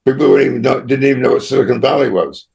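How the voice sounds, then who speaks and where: Gravelly older Australian man telling stories. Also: mid-range voice, racing, a little mellow. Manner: rambling anecdotal, frequent tag "right?". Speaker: guest. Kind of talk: storytelling interview.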